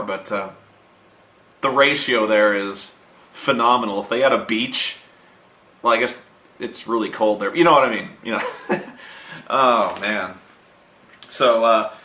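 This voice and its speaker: A man's voice: mid-range voice, pushed and bright, roomy sound. A young man telling a long rambling, profane anecdote in a casual vlog, mocking himself and laughing along the way. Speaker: online video host.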